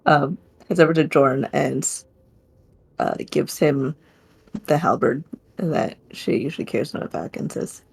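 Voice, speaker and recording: A woman's voice: sits low, slow pace, gravelly, pauses often, husky. A woman narrating her character's actions in a tabletop game, rambling with laughing asides. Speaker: player. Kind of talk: tabletop role-play narration.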